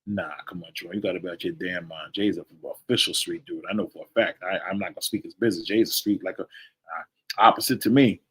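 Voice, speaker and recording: A man with a lowish voice runs a casual livestream Q&A, chatting loosely and calling out viewers by name. He repeats himself and drifts on and off his desk mic. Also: steady tone, quick pace, slightly rough. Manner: loose, repetitive, talks straight to chat viewers by name. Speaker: livestream host answering chat questions. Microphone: desk microphone, sometimes leaning away from it.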